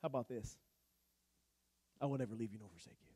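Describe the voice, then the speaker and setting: A male pastor preaching a sermon in an animated, joking, conversational way. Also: mid-range voice, fast talker, husky.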